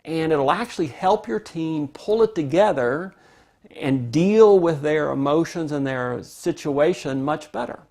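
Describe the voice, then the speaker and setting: A man's voice: a little high, expressive, unhurried, a little mellow. A man giving an informal parenting lesson, talking conversationally and acting out sample replies to a child. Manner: conversational, restarts phrases, acts out sample replies. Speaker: parenting instructor. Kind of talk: informal instructional talk.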